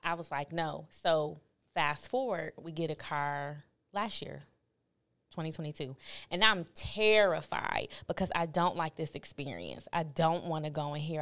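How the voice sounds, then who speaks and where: A woman in her forties co-hosting a podcast, telling stories in a candid, animated, colloquial way. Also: deep voice. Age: 40s. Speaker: podcast co-host. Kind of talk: casual chat.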